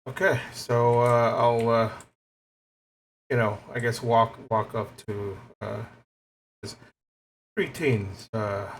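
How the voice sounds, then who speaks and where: A man's voice: mid-range voice, fairly even intonation, takes it slowly, pauses often, a little hiss or hum. A man in a tabletop game, stammering through his turn with many fillers. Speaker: player. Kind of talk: casual chat at a game table.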